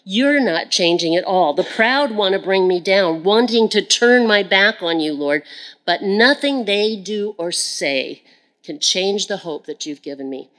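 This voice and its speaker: A woman's voice: medium pitch, expressive, a little slow, rough recording. A woman giving an earnest sermon as a Bible teacher. She repeats phrases for emphasis and often turns to speak to God directly in prayer.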